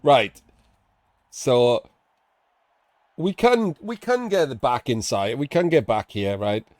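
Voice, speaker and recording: A man commentates a live video game tournament match in an excitable, chatty way, quick to laugh and to swear offhandedly. His voice sits at an ordinary middle pitch. The sound is close and dry. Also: no echo. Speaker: esports commentator.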